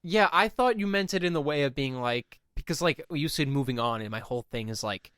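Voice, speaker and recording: A man's voice: a little high, fairly quick, a bit bright, clear, resonant tone, dry recording, clean studio sound. A young man co-hosting a casual podcast chat, teasing his friend and acting out imagined voices in asides. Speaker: podcast co-host.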